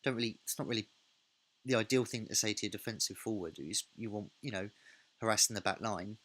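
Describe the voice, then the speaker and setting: A man's voice: on the low side, fast, a bit bright. A man hosting a let's play, thinking aloud in a casual, self-correcting way while he narrates a football management game.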